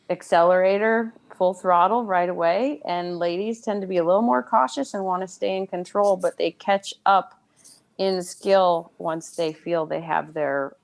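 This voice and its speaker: A woman with a low voice for her sex, speaking as a guest in a relaxed talk. She explains things thoughtfully and at a measured pace. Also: gravelly. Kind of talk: casual conversation.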